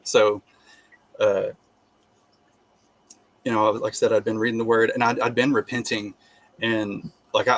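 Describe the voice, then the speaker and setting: A man tells his faith testimony in a loose, conversational way. His pitch sits in the middle for a man. He stumbles, restarts, and breaks into lively laughter. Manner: halting, full of restarts, bursts into animated laughter. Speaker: guest sharing testimony. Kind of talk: casual spoken testimony.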